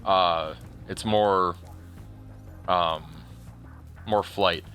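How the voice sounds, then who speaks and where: A man with a fairly low voice and a bright, edgy tone chats casually on his livestream. He rambles, restarts his sentences and chuckles as he goes, with faint music playing behind him. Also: steady tone, drawn-out words. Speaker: streamer. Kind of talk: casual chat while livestreaming a game.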